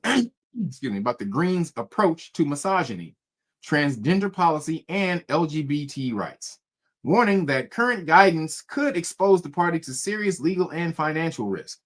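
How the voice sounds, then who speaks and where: A man's voice: on the high side, very animated, normal speed. A man reading news articles aloud and riffing on them, cursing, laughing often and stumbling over words. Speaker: commentary streamer.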